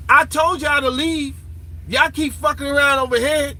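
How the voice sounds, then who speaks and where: A man's voice: very high voice, brisk, pushed and bright, poor audio. A man giving a profane, ranting lecture, taunting and quizzing his listeners in a confrontational way. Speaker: online lecturer.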